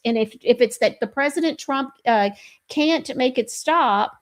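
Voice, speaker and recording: High-pitched and emphatic, a woman hosts a laid-back political talk show, rambling along and tossing in quick, animated quotes from other people.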